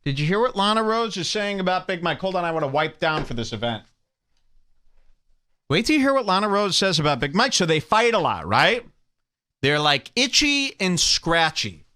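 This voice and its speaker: Sarcastic male podcast host, slightly high, mocking, stretches words. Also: very animated, bright, forceful tone. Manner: sarcastic, drawn-out emphasis. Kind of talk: mocking commentary over clips.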